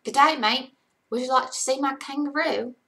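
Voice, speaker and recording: A woman's voice: high-pitched, normal speed, creaky, fairly bright tone, pitched above the performer's own voice. A woman putting on a cheery stereotyped Aussie character in an exaggerated mock Australian accent.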